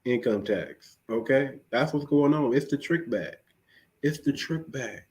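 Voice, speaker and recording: A male podcast host who talks like a street preacher, urging his listeners on and repeating each phrase for weight. His voice is pitched in a middle range, with nothing unusual to it. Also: lively intonation, unhurried, a little mellow. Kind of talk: casual preachy podcast talk.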